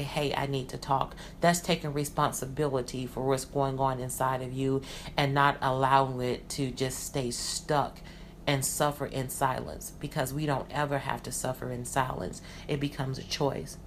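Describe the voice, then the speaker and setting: Casting: woman podcast host, low-pitched, earnest and encouraging, faint noise behind. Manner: earnest and encouraging, lively when excited. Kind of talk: motivational podcast talk.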